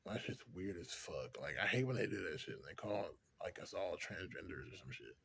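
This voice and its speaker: A man's voice: low-pitched, animated, fairly quick, vocal fry, fairly bright tone, a little hiss or hum. A man talking to camera in a casual, rambling vlog monologue, swearing freely and filling his talk with "like". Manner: profane, rambling, heavy use of "like"; laughs often between thoughts. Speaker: vlogger.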